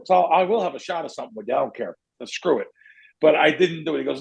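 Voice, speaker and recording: A man's voice: a little high, racing, vocal fry, breathy edge, low-quality recording. A middle-aged man hosting a podcast, telling a long story in a rambling way, often correcting himself as he goes. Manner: rambling, self-correcting, animated. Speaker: podcast host. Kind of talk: casual storytelling.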